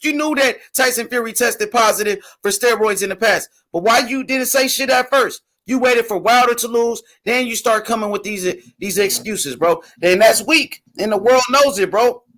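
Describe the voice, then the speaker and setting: A man's voice: very high-pitched, moderate pace, hardly any pauses, fairly bright tone. A man hosting a boxing show, arguing heatedly and insisting on being heard. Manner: insistent, interrupting, keeps saying bro. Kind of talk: heated casual debate.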